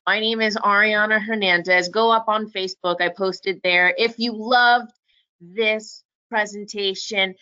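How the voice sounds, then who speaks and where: A woman's voice: medium pitch, fairly even intonation, a little slow, bright, forceful tone, smooth. An upbeat woman hosts a live webinar in a chatty, enthusiastic way. Her voice has a slightly dull, lo-fi sound. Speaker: webinar host.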